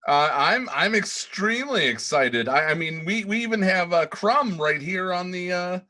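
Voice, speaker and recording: A man co-hosts a casual podcast. He stammers through his sentences and laughs often. His voice is bright and fairly high. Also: animated, normal speed. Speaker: podcast co-host.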